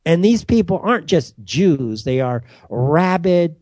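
American man, ranting solo monologue, lively pitch swings, mellow tone, emphatic and repetitive. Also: a little slow, no echo. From United States. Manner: emphatic and repetitive, heated storytelling.

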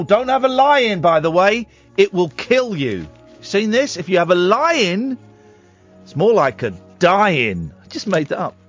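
A man's voice: fairly high pitch, no echo. A man hosting a radio show, chatting in a sarcastic, self-mocking, jokey way from the studio. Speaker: radio host. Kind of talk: late-night radio chat.

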